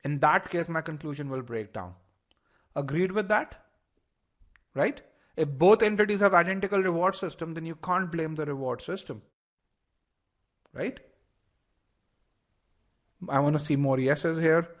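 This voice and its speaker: A man's voice: a little high, a little slow, pauses often, a bit bright. A man teaching a live online test-prep class, explaining step by step, repeating words as he thinks and asking the audience for responses.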